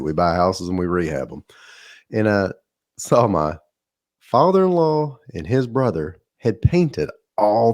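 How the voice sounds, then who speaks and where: A middle-aged man with a Southern drawl hosts a podcast, telling a folksy, rambling story in a casual monologue and laughing at his own tales. His voice sits low and sounds a little mellow.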